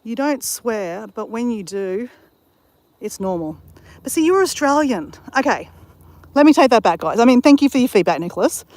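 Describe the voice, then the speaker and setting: A woman's voice: on the high side, sing-song, moderate pace, a little mellow, dry recording. A woman chatting on a live stream while out on a bush walk, rambling and greeting viewers in the chat, on a handheld phone mic. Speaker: vlogger.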